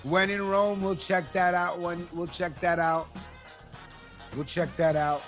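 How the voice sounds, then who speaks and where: A man's voice: high-pitched, level tone, unhurried, a bit bright, soft background music. A man co-hosting a loose banter show, blunt and swearing, full of mock outrage. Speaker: podcast co-host.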